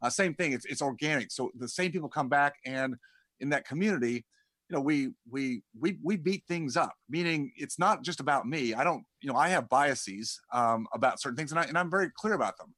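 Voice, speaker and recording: A man's voice: mid-range voice, a little fast, a bit bright, no echo. Rambling man, dry close sound. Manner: rambling, repeats words when starting sentences. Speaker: podcast guest, dentist and community founder. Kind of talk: conversational interview.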